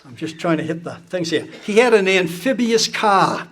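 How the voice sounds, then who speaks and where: A man's voice: sits high, sing-song, moderate pace, a bit bright. A man casually telling blunt, profane anecdotes to an audience, acting out the people he quotes with gusto. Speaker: speaker recounting political anecdotes.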